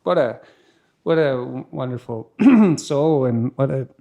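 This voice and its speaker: A man's voice: medium pitch, unhurried, gravelly. A man in his fifties from California, a surfer and filmmaker, telling stories casually and acting out the dialogue. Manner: animated, acts out dialogue, restarts often. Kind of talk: casual storytelling.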